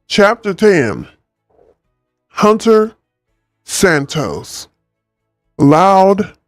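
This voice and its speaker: A man's voice: on the high side, no echo, studio quality. Laid-back man reading a story aloud. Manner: laid-back, chatty, ad-libbing. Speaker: streamer reading a book. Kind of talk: casual livestream story reading.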